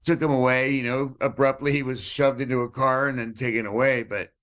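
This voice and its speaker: A man's voice: medium pitch, fairly quick. A man guesting on a podcast, telling a brawl story with lots of swearing and acted-out quotes. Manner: animated, swears often, acts out quoted voices. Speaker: podcast guest, jiu-jitsu black belt. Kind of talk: casual storytelling chat.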